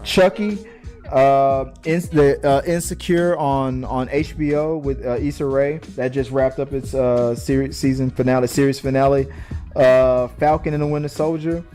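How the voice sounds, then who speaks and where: An excited young man gushes in a loose, rambling way, stopping and restarting his sentences as he talks. He's on a casual podcast panel, speaking into a webcam mic, with faint music somewhere behind him. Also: medium pitch, normal speed. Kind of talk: casual chat.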